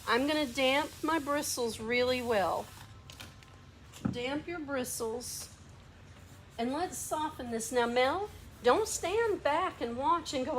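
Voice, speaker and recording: A high-pitched woman takes it slowly as she hosts a painting demo in a workshop, her lazy Southern drawl coming through while she chats and coaches a helper. Background noise is audible.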